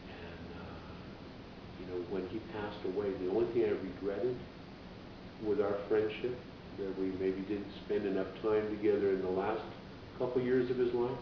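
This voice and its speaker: Low-voiced radio dj guy rambling thru stories, sounds far off in an echoey room w a rumble. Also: steady tone, normal speed, dull audio. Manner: rambling, acts out voices in quotes. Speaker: radio DJ and musician, interview guest. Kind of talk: casual conversational storytelling.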